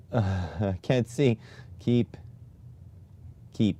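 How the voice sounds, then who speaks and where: Deep-voiced and mellow, this man speaks at a measured pace during a casual live stream. Tinkering with his display settings, he mutters to himself, gets exasperated, and repeatedly sighs "oh my God."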